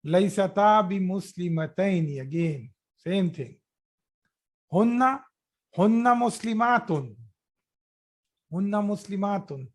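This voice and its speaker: A man's voice: sits high, expressive, takes it slowly, pauses often. A man teaching a grammar class online, repeating each phrase and praising students' answers. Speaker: Arabic teacher.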